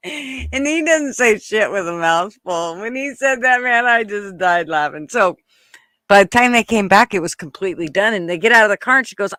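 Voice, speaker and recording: A woman hosting a casual livestream, chatting excitedly and laughing often as she reads viewers' comments. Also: medium pitch, moderate pace, no room sound, studio quality. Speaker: channel host reading live chat.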